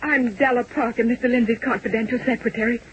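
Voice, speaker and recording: An actress playing a frightened young secretary in a 1940s-style radio drama, breathless and distressed. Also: female voice, a little high, fairly even intonation, fast, close to an everyday voice. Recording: lo-fi old radio recording with faint hiss.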